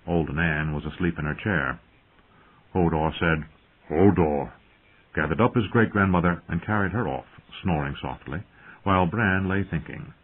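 A man narrating a fantasy audiobook in a measured storytelling manner. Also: sits low, husky. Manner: measured storytelling, shifts into character voices. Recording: tinny lo-fi phone-like sound.

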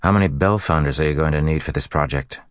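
A man's voice: a bass voice, fast talker, no echo, studio quality. A man voicing a grumbling, sarcastic young rogue in an audiobook. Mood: incredulous. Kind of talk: audiobook character voice.

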